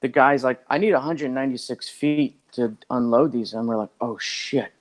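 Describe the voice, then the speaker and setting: A man who is a podcast guest, telling a long story in a rambling, animated way and acting out what other people said. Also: mid-range voice, moderate pace. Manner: rambling and animated, acts out others' lines, many "like" fillers. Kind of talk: casual storytelling.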